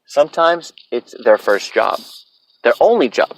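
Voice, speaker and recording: A man's voice: mid-range voice, very animated, a little slow, poor audio. A man in his thirties hosting a solo podcast, ranting bluntly and profanely about his opinions. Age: 30s. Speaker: podcast host.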